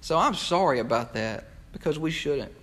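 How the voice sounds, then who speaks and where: Impassioned preacher man, fairly high voice. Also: animated, normal speed, fairly bright tone. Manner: impassioned, repetitive, conversational preaching. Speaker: pastor. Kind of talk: sermon. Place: church sanctuary.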